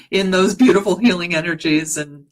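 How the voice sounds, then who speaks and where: A woman with a low, deep speaking voice talks her listeners through what a healing meditation will involve. She is gentle and chatty, restarting her sentences and laughing softly, and comes across as earnest and easily moved. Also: lively intonation, unhurried. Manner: emotional, earnest. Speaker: meditation guide and healer. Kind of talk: casual spoken introduction to a guided meditation.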